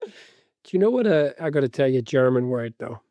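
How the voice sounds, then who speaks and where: A man's voice: mid-range voice, sing-song, fairly quick, mellow, no echo. A man co-hosting a football book podcast, chatty and rambling, amused by his own tangents. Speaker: podcast co-host. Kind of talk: casual chat.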